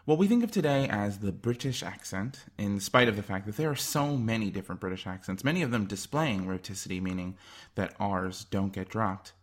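A man's voice: lowish voice, lively intonation, brisk. A man narrating a scripted video essay in a wry, enthusiastic way.

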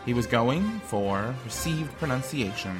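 A man's voice: medium pitch, animated, measured pace, music in the background. A man narrating a scripted video essay in a wry, enthusiastic way.

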